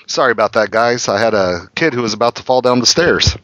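A man's voice: medium pitch, lively intonation, a little fast, a bit bright, no echo, highs cut off. A man hosting a casual podcast, talking loosely with profanity and frequent stammered restarts. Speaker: podcast host. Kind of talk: casual chat.

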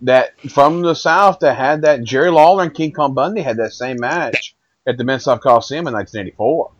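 A man's voice: medium pitch, fairly quick, no room sound, dull audio. A man hosting a casual chat, hesitant and repeating words as he asks his guests questions.

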